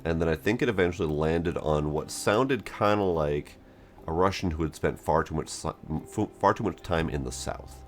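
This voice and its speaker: A man's voice: a bass voice, moderate pace, faint music behind. A man casually commenting on a game he is playing, chatty and self-mocking, reading its text aloud. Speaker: gameplay streamer. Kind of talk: casual let's-play commentary.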